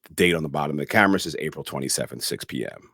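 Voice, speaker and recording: A man co-hosting a podcast, recapping a film in a casual, animated way and punctuating the story with sound words. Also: a bass voice, rapid-fire, gravelly, husky, no room sound, studio quality. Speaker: podcast co-host.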